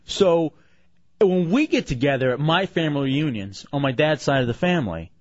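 A man's voice: a little high, animated, normal speed, no room sound, muffled recording. A man hosting a radio show in casual banter, telling stories with self-mocking asides.

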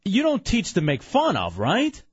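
A man's voice: wildly swooping pitch, slightly rough, no echo, dull audio. A man hosting an evening radio show, bantering playfully and rambling from topic to topic. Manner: playful, rambling, quick shifts in pitch. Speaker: radio host.

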